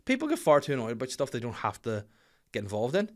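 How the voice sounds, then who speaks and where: A young adult Northern Irish man hosting his own podcast, chatting casually with swearing and animated, rising rants. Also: fast. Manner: swearing, animated rants that swing loud and high. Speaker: podcast host and comedian. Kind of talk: casual solo podcast chat.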